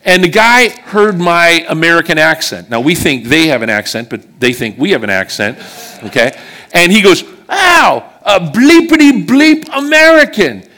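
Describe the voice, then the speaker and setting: A man's voice: on the high side, animated, moderate pace, bright, forceful tone. A middle-aged man from western Pennsylvania preaching a sermon, telling a personal story in a chatty way and checking in with the congregation as he goes.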